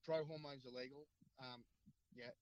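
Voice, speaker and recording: A man's voice: mid-range voice, fairly even intonation, moderate pace, a little mellow, lo-fi sound. A middle-aged man with an Australian accent, a guest telling stories in a casual, rambling, slangy way and repeating himself as he goes. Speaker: guest, former rugby league player. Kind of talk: casual storytelling.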